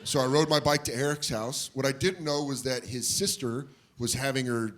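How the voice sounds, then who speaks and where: A man doing a stand-up comedy set on stage, telling animated stories and yelling out the lines he quotes. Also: mid-range voice, normal speed, a faint crowd.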